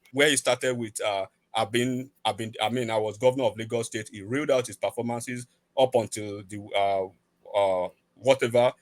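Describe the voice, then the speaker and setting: A man's voice: medium pitch, fairly bright tone, no echo. A man, arguing insistently on a heated panel debate and repeating himself to keep the floor.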